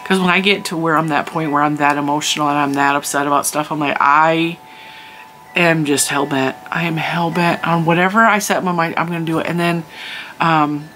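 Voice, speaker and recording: A woman's voice: sits low, steady tone, fairly quick, a bit bright, slight background noise, poor audio. A middle-aged woman telling a story in a casual, chatty vlog, emphatic, with lots of "like" and laughs. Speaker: crafting channel host.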